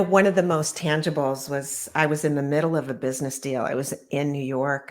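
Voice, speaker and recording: A middle-aged woman with a low voice tells her own story as an interview guest. She speaks in an earnest, measured way, pausing to recall painful memories. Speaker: guest author.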